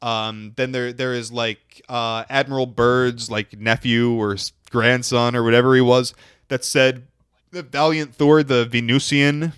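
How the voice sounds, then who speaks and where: A man's voice: medium pitch, flat delivery, measured pace, fairly bright tone, smooth, dry recording, studio quality. A young man hosting a podcast, chatting casually in a rambling way, often restarting sentences and swearing. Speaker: podcast host.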